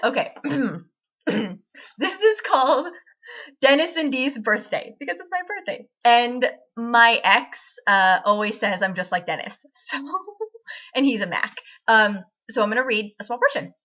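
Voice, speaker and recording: A giggly woman in her twenties rambles to camera and often pokes fun at herself. Her voice is bright and a little high, and the home audio sounds dull and lo-fi. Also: expressive, unhurried. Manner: giggly, rambling, self-deprecating. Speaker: vlogger. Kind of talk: casual chat to camera.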